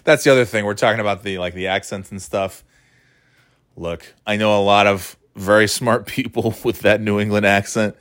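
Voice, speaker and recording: A man's voice: on the low side, fairly even intonation, moderate pace, fairly bright tone, no room sound, studio quality. Sarcastic, swearing male commentator. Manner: sarcastic, swears, mocks with put-on voices. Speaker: commentator reacting to a clip. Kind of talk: casual profane commentary.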